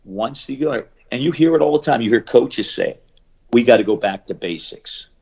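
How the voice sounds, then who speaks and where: A middle-aged man, a shooting coach, telling stories in an animated interview and acting out the people he quotes. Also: medium pitch, creaky, dull audio. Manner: acts out quoted voices, fast bursts and emphatic repeats.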